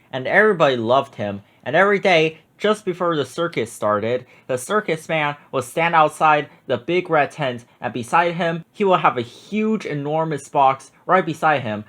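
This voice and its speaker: A man reading a children's picture book aloud with expressive, drawn-out emphasis. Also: a little high.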